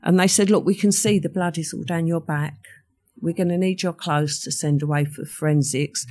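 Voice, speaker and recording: A woman's voice: fairly low pitch, steady tone, normal speed, a little mellow. Older woman retelling a crime. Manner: vivid storytelling, acts out quoted voices. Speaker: interview guest. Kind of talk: recounting a true crime story.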